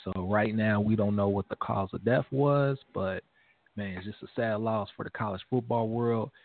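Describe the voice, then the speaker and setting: A man co-hosting a casual sports talk show, animated and emphatic, often repeating phrases as he talks straight to fans. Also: fairly low pitch, moderate pace, dry recording. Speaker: podcast co-host. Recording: phone-like narrow sound.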